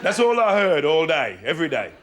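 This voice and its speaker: Fairly high in pitch with big swings, this Birmingham-accented comic in his thirties talks a little fast against a noisy background. Performing live stand-up in a large theatre, he tells stories in character voices while loud laughter rolls over the stage mic.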